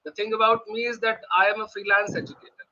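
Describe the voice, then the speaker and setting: A man, tutoring over a video call in a measured, explanatory way. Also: high-pitched, monotone, pushed and bright. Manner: measured, explanatory, frequent "uh" and "right?". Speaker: English tutor. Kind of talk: casual online tutoring session. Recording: dull lo-fi video call audio.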